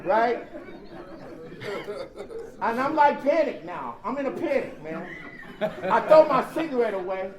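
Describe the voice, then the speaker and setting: A man with a high voice tells a comic story about his past in an animated way. His voice rings through a large echoey hall, and a big crowd laughs along behind him. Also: normal speed. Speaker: speaker sharing recovery story. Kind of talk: storytelling share at a recovery convention. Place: large convention hall with audience.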